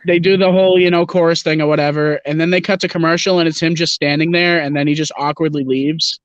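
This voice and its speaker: Casting: chatty opinionated guy, slightly high voice, dry muffled call audio. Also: fairly even intonation, fast, smooth, no echo. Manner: rambling, opinionated, swears casually. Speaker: livestream co-host. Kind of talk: casual wrestling chat. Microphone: video call.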